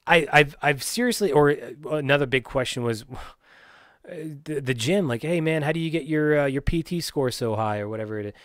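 A man's voice: fairly high pitch, animated, moderate pace, a bit bright, no room sound, clean studio sound. A man from Pennsylvania, hosting his own podcast and ranting in a profane, rambling way, full of restarts and fillers. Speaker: podcast host.

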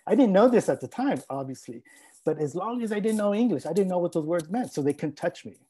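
Middle-aged man, native Spanish speaker, mellow husky tone, reflective heartfelt storyteller. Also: sits high, animated, fast, low-quality recording. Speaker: scholar and speaker. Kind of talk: personal storytelling talk.

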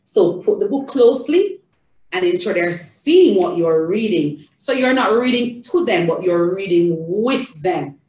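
A woman's voice: mid-range voice, lively intonation, a little slow, a little mellow, roomy sound, far from the mic, poor audio. A woman with a Jamaican accent, an early childhood educator, shows parents how to read a storybook to a small child in a sing-song, coaxing way. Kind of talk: demonstrating reading a storybook to a toddler.

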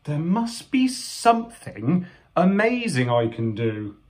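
A man voicing an eager, restless young male raccoon hero in a storybook, with bouncy, dramatic, drawn-out exclamations. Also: on the high side, big pitch swings, a little mellow, voice pushed up. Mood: boastful.

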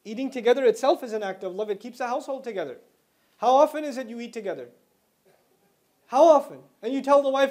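Casting note: male Islamic lecturer with a high voice, chatty storytelling, quick Arabic recitation. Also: animated, a little mellow. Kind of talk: Islamic lecture to a student audience.

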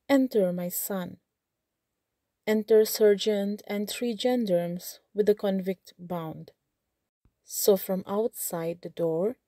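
A woman with an Indian English accent, reading lines from a play and explaining them plainly, often pausing with "okay". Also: mid-range voice, dark tone, no echo, clean studio sound. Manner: reads lines then restates them in simple words, frequent "okay". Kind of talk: line-by-line literature lesson, reading and paraphrasing.

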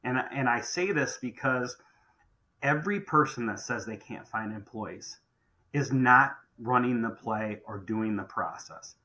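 A man's voice: medium pitch, unhurried, pushed and bright, low-quality recording. A middle-aged man who runs a contracting business, talking emphatically on a podcast and often repeating phrases as he restarts. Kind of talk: podcast conversation.

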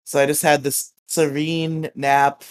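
A man's voice: on the high side, level tone, unhurried. A man co-hosting a podcast, telling rambling stories with laughs and swearing. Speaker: podcast co-host. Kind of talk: casual podcast chat.

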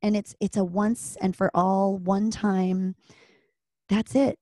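Mellow-voiced woman hosting a faith podcast. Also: mid-range voice, fairly even intonation, slow pace, dry recording, clean studio sound. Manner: warm reflective reassurance, scripture quoting. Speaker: podcast host. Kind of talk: podcast interview.

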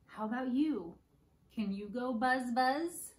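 A woman hosting preschool story time, reading picture books aloud in a slow, sing-song way and playfully acting out animal noises for children. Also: a little high, reverberant.

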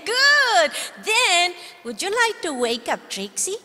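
A woman leading a kids' church lesson, talking gently and encouragingly to children. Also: extremely high pitch, sing-song, slow pace, hardly any pauses, long reverb tail.

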